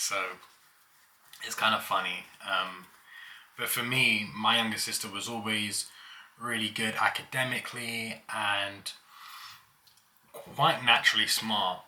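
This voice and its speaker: A man's voice: fairly low pitch, fairly even intonation, a little slow, pushed and bright, a little hiss or hum. A young man casually telling childhood stories, laughing as he goes. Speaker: vlogger. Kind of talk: casual storytelling.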